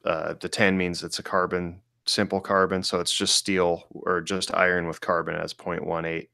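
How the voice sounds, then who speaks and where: Male co-host, blacksmith, low gravelly voice, dry mic, rambling explainer. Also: little pitch movement, normal speed, sharp tone, no echo. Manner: explains technical details with many fillers. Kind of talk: casual podcast chat.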